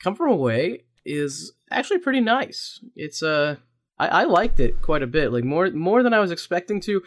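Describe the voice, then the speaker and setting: A man's voice: a little high, sing-song, normal speed. A man co-hosting a casual podcast, dry and teasing, laid-back. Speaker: podcast co-host.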